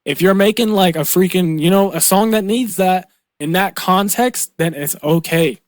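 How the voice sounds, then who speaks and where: A young man teaching vocal mixing in a loose, slangy way, calling out "bro" and "boom" as he works. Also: moderate pace, no echo, studio quality. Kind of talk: casual screen-recorded tutorial. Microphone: close studio mic.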